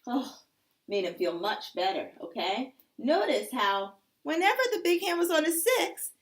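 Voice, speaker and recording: A woman's voice: high voice, expressive, unhurried. Woman teacher telling a story to children. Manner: checks in with "okay?" often.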